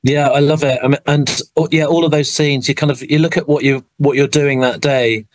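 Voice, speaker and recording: A man's voice: on the high side, fairly even intonation, a little fast, no room sound, poor audio. An English man, an actor being interviewed, talking in a rambling, self-deprecating way with lots of restarts. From England. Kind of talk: casual interview chat.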